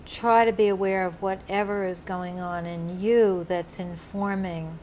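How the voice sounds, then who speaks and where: A woman interviewing a fellow therapist, speaking earnestly and reaching slowly for her words. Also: lowish voice, fairly even intonation, a little mellow, a little hiss or hum. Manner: earnest, searching for words, stretched pauses. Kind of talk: reflective interview conversation.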